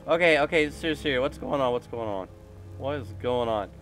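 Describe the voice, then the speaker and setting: A man's voice: mid-range voice, brisk, a bit bright, soft background music. Goofy, rambling male gaming streamer. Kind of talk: casual game commentary.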